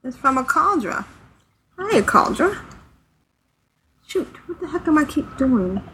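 A woman co-hosts a podcast in a casual, easygoing way and laughs readily. Her voice is high and bright, with faint noise behind it. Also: very animated, a little slow, rough recording. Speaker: podcast co-host reading listener emails.

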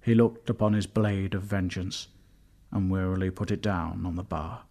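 A man telling a comic story in deadpan, mock-epic narration, with music behind. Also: low-pitched, moderate pace.

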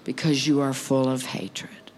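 A woman voicing the Lord as a calm, stern, fatherly male voice, speaking low and firm. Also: unhurried.

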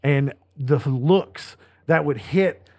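A man's voice: on the high side, slow, husky, no room sound, studio quality. A man co-hosting a podcast, telling crude stories in casual banter and acting out the people he quotes. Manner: animated storyteller, acts out quotes. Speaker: podcast co-host.

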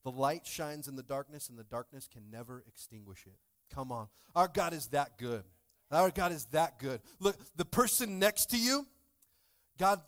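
A man in his thirties preaches a sermon in a church, his voice at an everyday middle pitch. He cracks jokes and throws playful asides to the congregation. He swings between loud bursts and soft, quiet asides. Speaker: pastor. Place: church sanctuary.

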